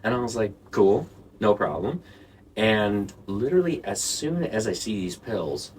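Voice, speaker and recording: A man's voice: lowish voice, animated, unhurried, darkish tone, far from the mic, a little hiss or hum. A man co-hosting a podcast, telling a story in casual chat, swearing, laughing and acting out the people he quotes. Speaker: podcast co-host.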